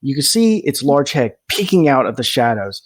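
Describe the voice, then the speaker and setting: A young man narrating as game master, lively and quick to laugh. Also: mid-range voice.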